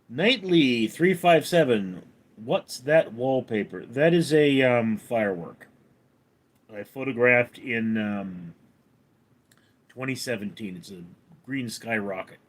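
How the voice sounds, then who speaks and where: A man hosting a home livestream, reading viewer comments and answering in a dry, deadpan way. He talks slowly, and his pitch rises and falls a lot from line to line. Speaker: livestream host. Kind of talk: reading live chat aloud.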